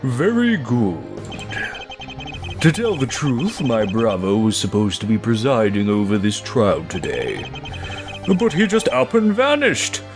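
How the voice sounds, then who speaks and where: A man voicing a pompous middle-aged male judge with a put-on Canadian accent. He speaks slowly and drawn out, tags "eh" onto his lines, and rambles about beards. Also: medium pitch, sing-song, over music. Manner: slow, drawn-out, ends lines with "eh".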